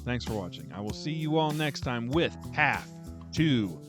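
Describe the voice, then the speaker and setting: A male reviewer speaking in a mid-range voice with a wry, mocking edge as he works through a scripted critique. His pace is brisk. A faint music bed runs underneath. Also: mid-range voice, expressive. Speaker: book reviewer, channel host.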